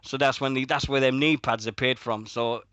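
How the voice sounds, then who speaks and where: A British man with a bright, forceful voice co-hosts a radio show in loose, sweary banter and laughs at his own stories. He is recorded up close and dry, with no room sound. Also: medium pitch, steady tone, moderate pace, smooth, no echo, dull audio. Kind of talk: casual podcast banter.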